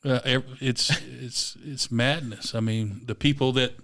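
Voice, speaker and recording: A man's voice: mid-range voice, fairly even intonation, measured pace, gravelly, fairly bright tone. A man co-hosting a casual podcast chat, joking, laughing often and acting out his exasperation. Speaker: podcast co-host.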